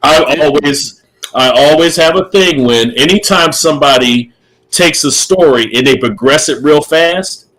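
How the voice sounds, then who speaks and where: A man's voice: fairly high pitch, a little slow, a bit bright, low-quality recording. A middle-aged man co-hosting a casual podcast chat, opinionated, repeating himself and laughing often. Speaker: podcast co-host.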